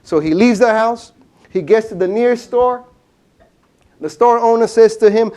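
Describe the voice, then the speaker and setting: A man's voice: sits high, normal speed, pauses often, dark tone. A man giving a seminar lecture, telling a story with lots of rhetorical questions. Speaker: seminar speaker.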